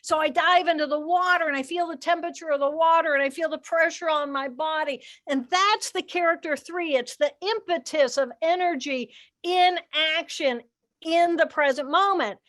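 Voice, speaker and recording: An older woman giving an animated, expressive teaching talk outdoors by the water, acting out inner voices as she explains. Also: extremely high pitch, normal speed. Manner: expressive, acts out inner voices with dramatic shifts. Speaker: guest speaker, neuroanatomist.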